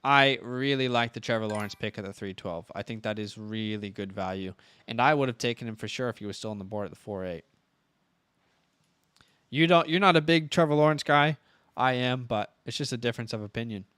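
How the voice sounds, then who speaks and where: Man from Virginia, smooth clear voice, dry close sound, chatty co-host. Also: on the low side, fairly bright tone, dry recording. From Virginia, United States. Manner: chatty, teasing, quick asides. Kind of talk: casual live-stream chat.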